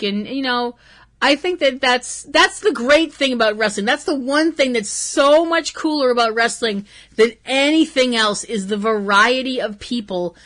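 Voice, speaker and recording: A woman's voice: high voice, sharp tone. A woman hosting a wrestling talk show, chatting casually and gushing, with lots of ums and restarts. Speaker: host. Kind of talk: casual solo podcast chat.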